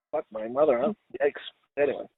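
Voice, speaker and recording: A man's voice: on the high side, husky, no echo. A man co-hosting a podcast in casual chat, joking crudely and laughing a lot. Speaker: podcast co-host. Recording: tinny phone-like sound.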